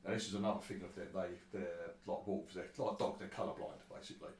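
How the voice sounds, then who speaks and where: A low-voiced man runs a tabletop game, rambling and swearing as he narrates. The room sounds echoey, and he is picked up from some distance away. A faint ambience hums in the background. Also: steady tone, fast, darkish tone. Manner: rambling and sweary, with many restarts. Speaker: game master.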